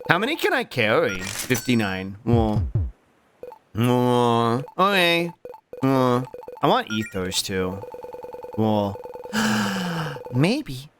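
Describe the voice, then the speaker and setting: A man's voice: mid-range voice, very animated, drawn-out words, pauses often, noisy background. Goofy swearing male streamer. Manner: goofy, swears, scats nonsense syllables. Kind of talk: casual game commentary.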